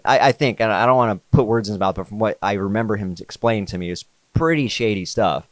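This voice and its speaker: A man's voice: on the low side, quick pace, no room sound. A man, a podcast guest, telling a story in casual, slangy conversation, often saying "like" and "dude". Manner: laid-back, slangy, says "like" and "dude" often.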